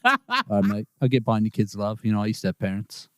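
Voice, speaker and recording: A man's voice: fairly low pitch, fairly even intonation, fast, fairly bright tone, no echo, studio quality, lightly acted. Man doing a swaggering slangy rock star. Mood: smug. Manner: mock London slang, smug and drawling.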